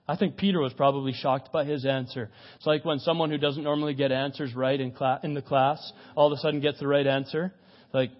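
A male pastor preaching a sermon in a conversational, animated way, with asides to the congregation. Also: mid-range voice, fairly quick. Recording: dull lo-fi recording.

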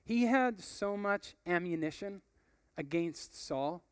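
A man's voice: high voice, lively intonation, slow pace, clear, resonant tone, no room sound, clean studio sound. A young man preaching in a casual, conversational way, telling a story and reading from a book. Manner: casual, conversational, uses fillers like "like" and "you know".

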